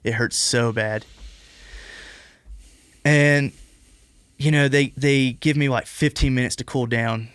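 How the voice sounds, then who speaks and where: A man's voice: mid-range voice, fairly even intonation, takes it slowly, long pauses, fairly bright tone, smooth, no room sound. A man in his twenties, a podcast guest telling a long personal story in a casual, rambling way, full of "like" and restarts. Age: 20s. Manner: rambling, heavy use of "like" and restarts.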